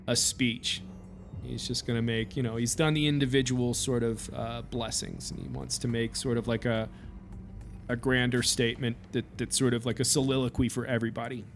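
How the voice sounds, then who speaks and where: A man narrating a tabletop game as game master, in a casual, hesitant way with many fillers. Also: mid-range voice.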